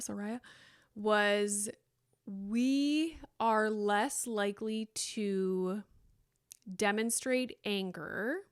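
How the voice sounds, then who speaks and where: A young adult woman hosting a podcast, talking candidly and chattily, with many likes and ums, sometimes mimicking others in a higher voice. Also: clean tone, no echo, clean studio sound. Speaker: podcast host. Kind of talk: casual solo podcast talk.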